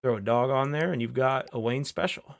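A man streaming a game, talking casually to his chat and to a friend, excitable and profane, swinging from loud outbursts to low mutters. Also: a little fast, gravelly. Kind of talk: casual gaming commentary. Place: home streaming setup with green screen.

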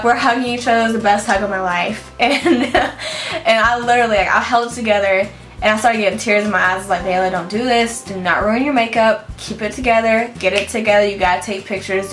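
A woman in her late twenties from Houston, a beauty vlogger gushing through an excited story and acting out the voices of the people in it. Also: medium pitch, a little fast, roomy sound, soft background music. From Houston, Texas. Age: 20s. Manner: gushing, animated, acts out voices in quotes.

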